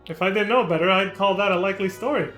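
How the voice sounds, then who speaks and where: A man voicing a gruff middle-aged male airship engineer, reading game dialogue aloud with earnest feeling. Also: high-pitched, fast talker, a bit bright, echoey room, faint music behind. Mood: wry.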